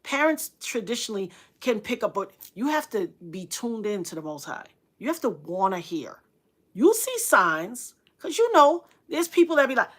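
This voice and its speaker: At normal speed and with big pitch swings, a middle-aged woman shares a story on a livestream. She's earnest and dramatic, repeating phrases for emphasis and performing what other people said in sudden loud, high bursts.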